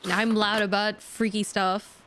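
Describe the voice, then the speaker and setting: A young woman streaming a video game and chatting casually with a friend. She speaks in a laid-back, teasing way, drawing her replies out slowly. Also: medium pitch, level tone, fairly bright tone, slight background noise. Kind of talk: casual chat while gaming.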